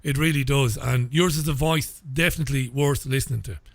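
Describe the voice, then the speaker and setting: A man with an Irish accent, originally from England, hosts a live radio interview in an effusive style, often restarting sentences with repeated words. He speaks briskly in a mid-range voice, and the recording is dry.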